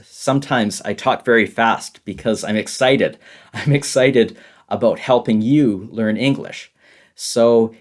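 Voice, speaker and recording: A man teaching English to beginners, speaking in simple, repetitive sentences with light laughs now and then. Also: on the low side. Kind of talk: slow, repetitive beginner lesson.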